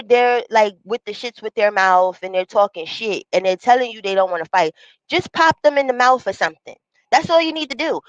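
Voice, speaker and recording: A woman's voice: on the high side, no room sound. Female livestream host, casual blunt commentary full of cussing, recorded dry and a bit dull in a home booth. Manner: blunt, profane, animated, greets viewers by name.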